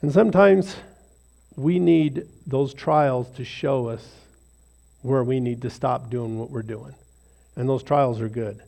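A man's voice: mid-range voice, slow, gravelly, mellow. A man leading an informal devotional talk for a small group in a rambling, self-deprecating, conversational way. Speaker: lay speaker leading a devotional.

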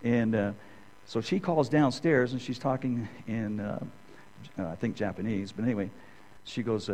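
A man's voice: medium pitch, moderate pace, darkish tone, slight background noise, rough recording. A middle-aged man teaching a conversational sermon, rambling through personal stories and often checking in with "okay?". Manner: rambling, keeps asking "okay?". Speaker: Bible teacher.

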